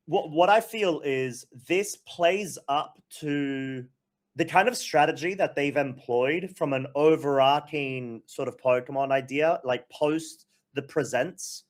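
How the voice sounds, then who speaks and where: A man hosting a gaming podcast, talking in a rambling, animated, filler-heavy casual chat. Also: fairly high pitch, slow. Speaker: podcast host.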